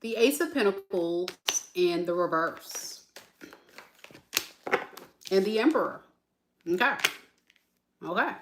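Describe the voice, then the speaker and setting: A woman doing a casual tarot reading for viewers, chatty and animated, calling them "y'all.". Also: fairly low pitch, slow pace, long pauses, background noise. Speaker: tarot reader.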